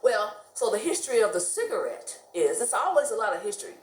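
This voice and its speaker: A woman's voice: mid-range voice, fast, reverberant. A middle-aged woman from the United States telling stories casually to camera, chatty and laughing often. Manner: chatty, laughs often, animated quoted voices. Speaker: vlogger.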